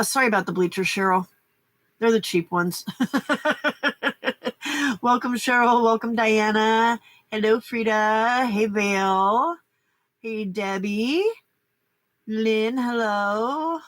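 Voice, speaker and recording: A woman's voice: a little high, takes it slowly, long pauses, dry recording. Chatty stuffy-nosed older woman host. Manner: chatty, rambling, greets viewers by name. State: stuffy nose. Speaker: craft livestream host. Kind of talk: casual chat while crafting.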